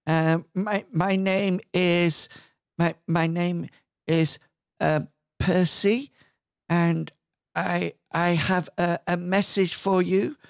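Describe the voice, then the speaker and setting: A man's voice: high-pitched, flat delivery, takes it slowly, creaky, clean tone, no room sound, clean studio sound, voice pushed up, heavily acted. A man doing a timid, stammering old messenger. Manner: hesitant, stammering. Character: timid feeble older male messenger.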